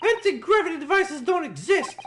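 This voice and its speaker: Man doing a shrill, excitable young woman in a game, squeaky falsetto, lively. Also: a little fast, music in the background. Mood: alarmed.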